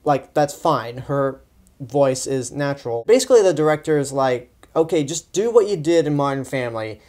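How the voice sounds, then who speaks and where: A man's voice: medium pitch, lively intonation, normal speed, a little mellow. Young guy ranting about a bad movie, sarcastic, keeps restarting his sentences. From Texas. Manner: exasperated, sarcastic, rambling with restarts. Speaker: film reviewer. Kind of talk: casual spoken movie review.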